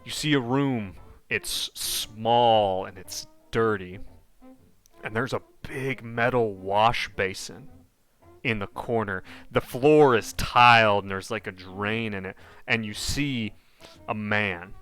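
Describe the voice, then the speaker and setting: A man acting as game master narrates a horror tabletop game in a halting way, full of fillers, often dropping to a hush. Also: lowish voice, clean tone, soft background music.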